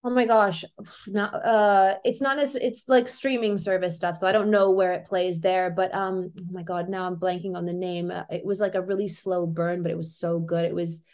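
A woman's voice: fairly low pitch, steady tone, normal speed, darkish tone. A woman, an actress guest on a podcast, talking enthusiastically and rambling a little. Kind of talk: casual interview chat.

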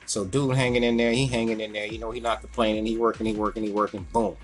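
A man telling a long, profane work story in casual chat. He acts out the other people in a higher voice. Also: little pitch movement, fast talker, soft background music.

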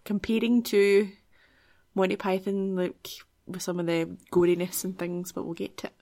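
A woman's voice: medium pitch, little pitch movement, moderate pace, warm tone. Chatty Scottish woman, casual podcast talk. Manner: laughing, chatty, jokey. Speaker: podcast co-host. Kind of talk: casual chat about a film.

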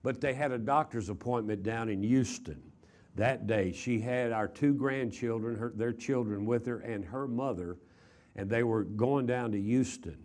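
Older Texan preacher, folksy storytelling. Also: male voice, mid-range voice, normal speed, darkish tone. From Texas. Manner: folksy, repeats words, many uh fillers. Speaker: traveling preacher. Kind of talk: chapel sermon with storytelling.

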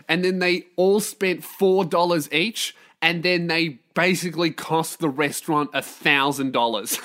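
A man's voice: on the high side, a bit bright. A man hosting a solo podcast, delivering a sweary, sarcastic rant. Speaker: podcast host.

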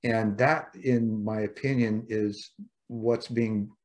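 A man's voice: on the low side, fairly even intonation, slow pace, a little mellow. Reflective, philosophical man in conversation. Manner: reflective and philosophical, repeats words, coins terms.

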